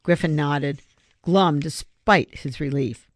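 A narrator reading a children's novel aloud in steady audiobook narration. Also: medium pitch, moderate pace, gravelly, no echo, studio quality. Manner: steady storytelling.

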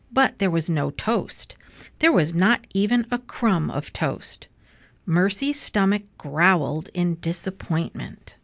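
A woman reading a children's book aloud with slow, gentle, clear storytelling. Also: on the low side, no room sound. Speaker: storybook reader.

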